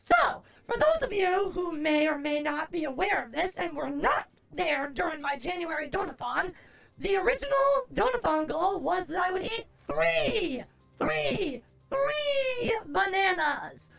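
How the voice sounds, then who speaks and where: Very high-voiced, foul-mouthed woman streamer. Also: lively intonation, moderate pace, gravelly, a bit bright. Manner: profane, theatrical mock-furious ranting. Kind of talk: casual livestream chat. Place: at a desk at home.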